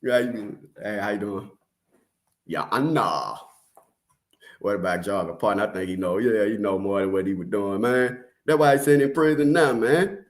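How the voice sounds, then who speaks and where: A man's voice: fairly low pitch, normal speed. A man with a Detroit accent giving casual, slangy commentary on a true crime case, with laughing asides.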